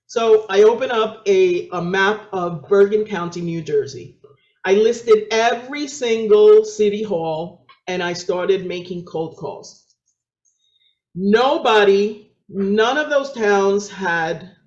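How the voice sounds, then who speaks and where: Speaking slowly in a slightly mellow voice, a woman with a New York accent tells an animated story as an interview-show guest. She mimics quoted voices with large jumps in pitch and laughs a lot, captured in echoey, dull lo-fi sound.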